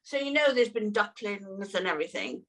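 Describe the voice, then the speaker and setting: A woman's voice: medium pitch, lively intonation, normal speed. A woman co-host telling a story in a gushing, breathless way. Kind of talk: casual chat.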